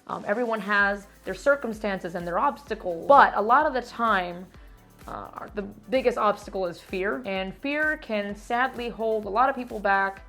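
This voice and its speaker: A young woman from Miami, vlogging casually about her year, animated and emphatic, dropping Spanish words and swearing. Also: mid-range voice, normal speed, soft background music. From Miami, United States. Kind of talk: casual year-end vlog.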